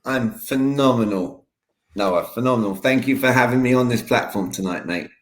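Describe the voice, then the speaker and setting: Brief: playful English male coach, mid pitch, echoey room sound. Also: normal speed. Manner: upbeat, playful. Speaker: communications coach. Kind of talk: casual interview chat.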